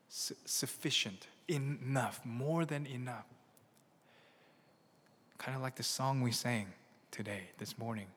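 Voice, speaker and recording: A man preaching a sermon, swinging between loud emphatic peaks and hushed near-whispers. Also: mid-range voice, slow pace, pauses often, long reverb tail, a little hiss or hum. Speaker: pastor.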